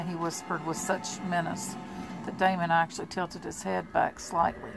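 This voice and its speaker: Low, gravelly woman reading a novel. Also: normal speed, over music, poor audio. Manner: plain, steady reading with small restarts. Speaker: audiobook reader.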